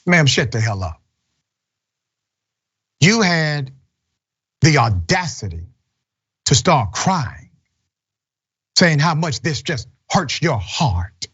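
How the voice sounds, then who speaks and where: A man's voice: on the high side, very animated, slow, pauses often, fairly bright tone, husky, lo-fi sound. Blunt indignant male news host. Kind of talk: news commentary.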